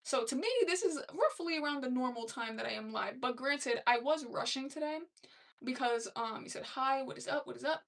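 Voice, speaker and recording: A woman's voice: sits high, brisk, gravelly, a bit bright, far from the mic. A young woman hosting a casual live stream, chatting loosely and laughing as she reads comments aloud. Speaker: livestream host.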